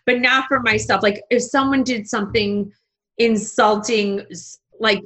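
A woman's voice: on the high side, steady tone, unhurried, a bit bright. A woman guest in casual chat, telling stories bluntly and acting out quoted dialogue. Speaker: podcast guest.

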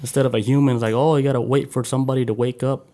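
An easygoing man co-hosting a casual podcast, steering the talk to new topics and reading short items aloud in a plain conversational way. His pitch sits in an ordinary middle range for a man. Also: steady tone, racing, mellow. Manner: easygoing, leads topics, reads quotes aloud. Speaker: podcast co-host.

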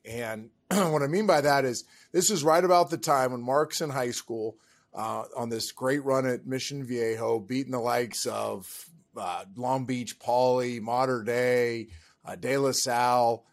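A man hosting an interview, speaking in a conversational way with fillers like "um". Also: mid-range voice. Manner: conversational, fillers and throat clearing. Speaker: podcast host.

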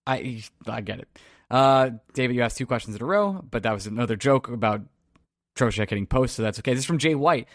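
A man's voice: mid-range voice, expressive, brisk, no room sound, studio quality. A man with a Long Island accent co-hosting a sports podcast, reading listener questions and laughing at himself. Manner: laughing, self-deprecating, reads listener questions. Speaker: podcast co-host. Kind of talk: casual sports chat.

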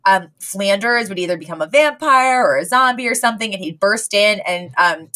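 A woman co-hosting a podcast in a relaxed, conversational way. Her voice sits in a middle register, and she narrates scenes with lots of fillers and lively bursts when she quotes characters. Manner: chatty, acts out quotes with quick pitch jumps. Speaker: podcast co-host. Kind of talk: casual chat recapping a sitcom episode.

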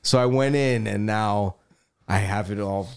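A man's voice: on the low side, unhurried, clean tone. A middle-aged man telling a funny story in casual podcast chat, laughing and swearing as he goes. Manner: animated anecdote with frequent swearing and laughter. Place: Los Angeles.

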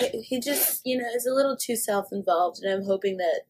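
A woman's voice: medium pitch, moderate pace, a little mellow. A woman co-hosting a podcast, chatting casually about celebrity news with lots of fillers and swearing. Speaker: podcast co-host. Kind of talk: casual pop-culture chat.

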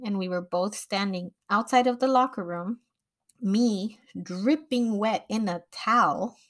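A woman talking casually on a podcast, candid and expressive, with a middle-pitched everyday voice. She tells her story frankly and swears freely. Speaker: podcast host.

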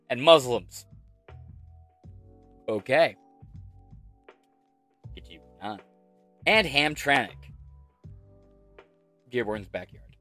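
A man's voice: medium pitch, big pitch swings, slow, long pauses, a bit bright, no echo, faint music behind. Profane, ranting male commentator. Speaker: political commentary host. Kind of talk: ranting commentary while reading an article.

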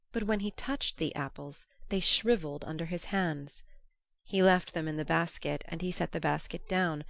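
A woman narrating an old-fashioned storybook in a measured, storytelling manner. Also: low-pitched, no echo, clean studio sound. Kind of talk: storybook reading.

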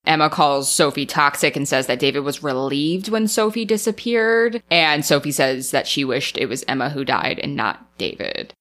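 Lady co-hosting a horror podcast, bright tense voice, does all the characters' lines. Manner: animated, acts out characters' lines with big pitch jumps. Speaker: podcast co-host. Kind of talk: casual horror movie recap chat.

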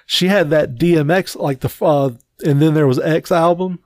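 Casual man with a slightly high voice. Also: normal speed, darkish tone, no echo, studio quality. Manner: loose, filler-heavy storyteller. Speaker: podcast co-host. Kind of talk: casual storytelling chat.

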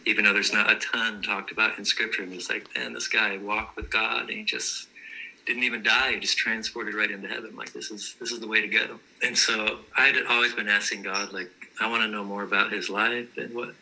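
A man's voice: lowish voice, flat delivery, a little fast, gravelly, pushed and bright, poor audio. A man telling personal vision stories in a casual, earnest, matter-of-fact way.

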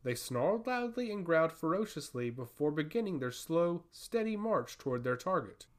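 Male audiobook narrator for fantasy, expressive delivery, animated pitch. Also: normal speed.

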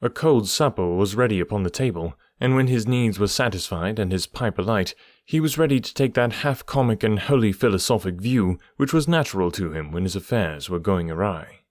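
A man narrating an audiobook chapter in a steady, even storytelling manner. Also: lowish voice, fairly quick, hardly any pauses, no room sound, studio quality. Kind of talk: scripted narration.

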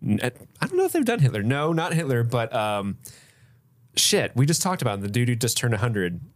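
A man's voice: medium pitch, wildly swooping pitch, a little fast. A man co-hosting a podcast, chatting casually with a friend. His voice moves up and down a lot, and he laughs often while he riffs and reads a list of names. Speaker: podcast co-host.

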